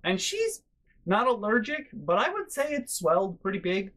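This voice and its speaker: A man's voice: high-pitched, sing-song, normal speed, a bit bright. A man hosting a storytelling vlog, chatty and exasperated as he tells a family story. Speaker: host.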